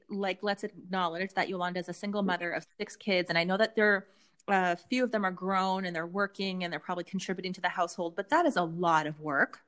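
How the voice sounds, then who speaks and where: Chatty woman co-hosting a podcast. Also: mid-range voice. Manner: chatty, lays out theories, frequent "like" and "um". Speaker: podcast co-host. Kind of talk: casual chat recapping a reality show.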